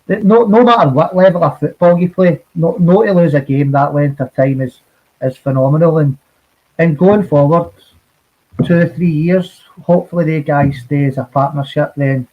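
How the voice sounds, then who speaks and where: A man with a slightly high voice joins a casual football podcast as a guest. He talks haltingly, repeating words and swearing as he goes. His audio sounds dull and lo-fi. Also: fairly even intonation.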